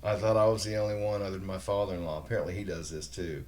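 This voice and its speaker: Blunt, cussing man with a low voice. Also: very fast, a little mellow. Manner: blunt, profane, joking. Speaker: podcast guest. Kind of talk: casual chat.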